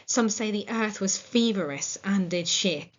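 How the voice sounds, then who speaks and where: Lennox, a teacher reading an uneasy lord. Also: female voice, mid-range voice, unhurried, muffled recording, natural voice. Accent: English.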